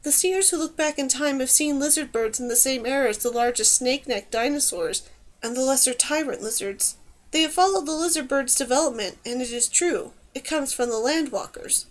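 A learned, curious male mage in a fantasy audiobook, explaining things in a patient lecturing way, read by a woman narrator. The voice sits fairly high and light. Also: brisk, lightly acted. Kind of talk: audiobook character voice.

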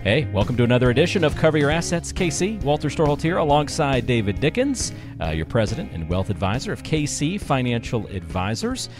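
A man co-hosting a casual finance podcast, joking and lively as he reads listener questions. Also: medium pitch, a little fast, few pauses, music in the background. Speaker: podcast co-host.

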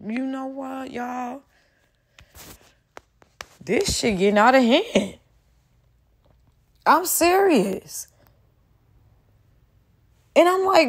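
A woman's voice: sits high, lively intonation, a little slow, long pauses, no echo, clean studio sound. Fired-up woman ranting to her viewers. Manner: angry, profane, talks straight to viewers. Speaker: commentary channel host. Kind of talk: heated casual commentary.

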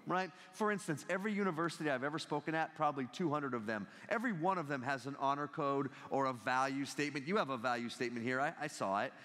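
A man in his thirties giving a humorous talk as a guest speaker, telling stories in an animated way and laughing often. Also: medium pitch, fast talker, hardly any pauses. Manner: animated storytelling with frequent laughter. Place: large university lecture hall. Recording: long hall reverb.

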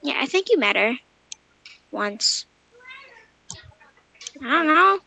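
A woman with a high, bright voice chatting through a game session. She gets excitable and squeals easily, though her talk stays unhurried. The recording is dry and close. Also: no echo. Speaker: gamer. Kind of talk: casual gameplay chat.

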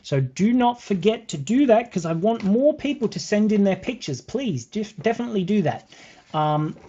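A man's voice: high voice, very animated, moderate pace, warm tone, breathy edge. Chatty British man teaching beadwork live. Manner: chatty, counts beads aloud, talks to viewers. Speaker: beading tutorial host. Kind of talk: live craft tutorial, casual chat. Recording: slightly dull lo-fi sound.

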